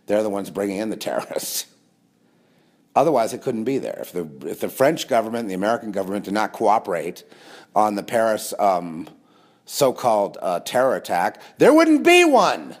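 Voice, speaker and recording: A man's voice: fairly low pitch, fairly quick, a little mellow. A man delivering a rambling monologue to camera, sarcastic, with mocking asides. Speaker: conspiracy video host.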